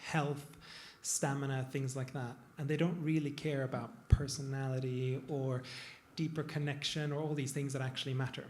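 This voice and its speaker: A man's voice: mid-range voice, little pitch movement, normal speed, few pauses, slight background noise. A man, a plastic surgeon, talking casually on a panel to a live audience, digressive and self-deprecating. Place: event room with an audience.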